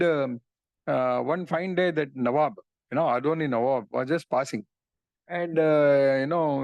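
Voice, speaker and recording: In a dry recording, a middle-aged man with a mid-range voice earnestly retells devotional stories during a talk on religious philosophy. He often says "you know."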